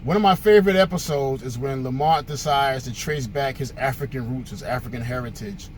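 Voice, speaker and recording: A man's voice: medium pitch, a little fast. A male host giving a casual, conversational monologue, telling stories with frequent fillers.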